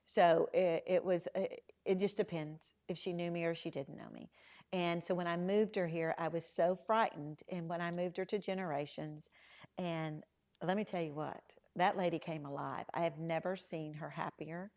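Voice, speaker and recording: A middle-aged woman, a podcast guest telling lively stories and acting out the voices of the people in them. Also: fairly low pitch, normal speed. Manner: animated storyteller, acting out quoted dialogue. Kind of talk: storytelling in a casual interview.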